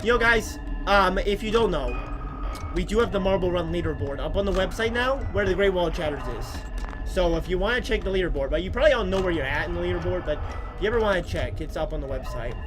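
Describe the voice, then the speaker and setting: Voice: medium pitch, lively intonation, quick pace, over music. A streamer giving playful, jokey gameplay commentary while talking to viewers. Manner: playful, jokey, talks to chat.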